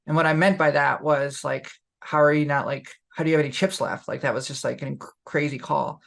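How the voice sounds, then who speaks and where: Young woman, podcast co-host, gravelly and loose, candid storyteller full of fillers. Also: low-pitched, fairly even intonation, brisk. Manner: candid, lots of fillers, laughs while telling. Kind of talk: casual storytelling.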